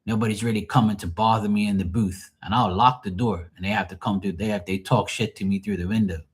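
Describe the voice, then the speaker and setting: A man telling cruise stories on a livestream, casual, profane and animated. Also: lowish voice, quick pace, husky. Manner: profane, animated, mimics people. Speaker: tarot reader and streamer.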